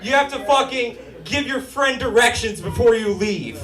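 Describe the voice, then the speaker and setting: A young man from Utah doing a stand-up comedy set with a whiny, nasal delivery that rises into shouts. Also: extremely high pitch, normal speed, hardly any pauses. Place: live comedy stage before an audience. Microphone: stage microphone. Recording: roomy live-venue sound, mic a bit distant. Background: audience laughter.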